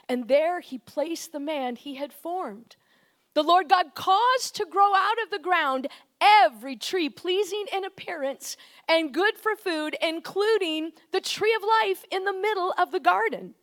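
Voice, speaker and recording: A woman preaching a conversational, animated sermon, often shifting into quoted voices. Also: extremely high pitch.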